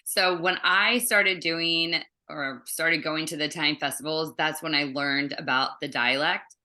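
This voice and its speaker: A woman from Maryland in an interview, telling family stories in a casual, animated way. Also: deep voice, measured pace. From Maryland, USA. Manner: animated storyteller, acts out family voices. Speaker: interview guest.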